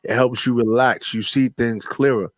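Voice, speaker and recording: Laid-back New radio host. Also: male voice, mid-range voice, steady tone, normal speed, no room sound. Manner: laid-back, preachy street slang. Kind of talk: casual radio talk.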